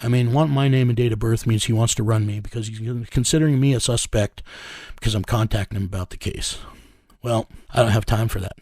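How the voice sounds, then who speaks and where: A middle-aged man recounts a hard case in casual interview talk. He is blunt and profane, and he chuckles through the story at a middling pitch. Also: fairly quick, darkish tone, no echo, studio quality.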